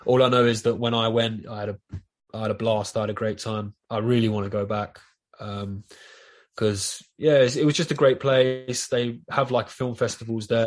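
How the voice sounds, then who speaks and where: A man's voice: medium pitch, level tone, moderate pace. A man with a South East London accent, chatting loosely on a podcast and swearing a lot as he rambles. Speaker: podcast guest. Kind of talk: casual chat.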